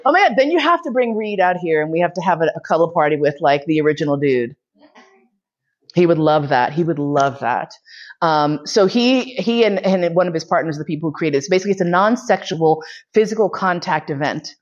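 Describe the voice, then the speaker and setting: A woman with a somewhat low voice hosts a podcast and tells a personal story in a frank, chatty way. Her talk is full of "like," and she breaks into laughter now and then. The recording sounds slightly muffled and lo-fi. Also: lively intonation, fast talker. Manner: candid and chatty, many "like"s, bursts of laughter. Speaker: podcast host. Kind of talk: casual confessional storytelling.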